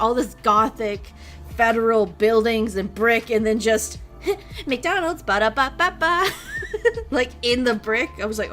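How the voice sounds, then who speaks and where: Giggly, rambling woman streamer. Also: fairly high pitch. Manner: rambling, giggly, swears casually. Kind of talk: casual chat.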